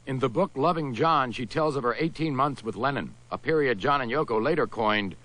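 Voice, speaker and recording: A man delivering scripted documentary narration in a polished, measured way. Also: mid-range voice, fairly bright tone, low-quality recording.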